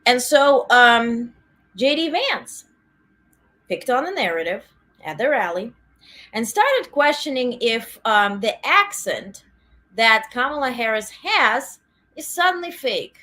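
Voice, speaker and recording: A woman hosts a political livestream in a casual, indignant rant. Her voice sits a little high and comes out bright and cutting. She keeps breaking off to answer live viewers. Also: very animated, takes it slowly. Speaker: host of a political news livestream.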